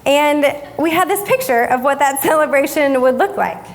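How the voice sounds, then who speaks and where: A woman, giving a sermon as a guest speaker, telling a family story in a chatty, self-deprecating way and softening when she reflects. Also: high-pitched, normal speed. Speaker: guest speaker at a young adult service.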